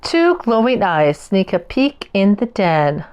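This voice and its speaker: A woman reads a picture book aloud for her young children, taking it slow with a sing-song lilt. Her voice is clear and smooth, swinging widely in pitch. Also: big pitch swings, darkish tone, highs cut off. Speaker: parent reading to her children.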